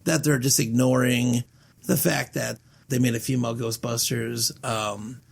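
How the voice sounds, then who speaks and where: Guy w a gravelly voice rambling on a horror podcast, casual and swears a bit. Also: mid-range voice, steady tone, unhurried. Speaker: podcast host. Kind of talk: casual chat.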